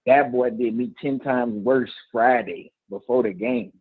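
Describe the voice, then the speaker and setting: A man in his thirties chats loosely with a co-host, slipping into playful voices whenever he quotes someone. The sound is dry and a bit dull, with no room around it. He keeps a steady middle pitch. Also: unhurried, husky, no room sound. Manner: animated storytelling, slangy, acts out quotes. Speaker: podcast co-host, teacher. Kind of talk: casual chat.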